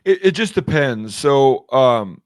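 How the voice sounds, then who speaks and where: A man's voice: medium pitch, expressive, slow pace, dry recording, studio quality. A man speaking as an interview guest about designing game calls, rambling in a casual way with many restarts and fillers. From Washington state. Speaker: guest, game call maker.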